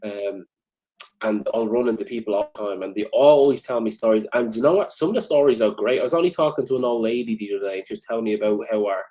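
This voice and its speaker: A young Irish man, a guest wrestler, chatting casually in an interview, joking and quick to get worked up. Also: fairly low pitch, low-quality recording. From Ireland. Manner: animated, joking, quick to rant.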